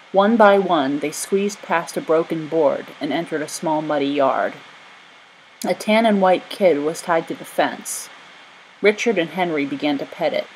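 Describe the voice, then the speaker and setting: A woman narrating a children's story in an expressive reading. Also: low-pitched, slight background noise, rough recording.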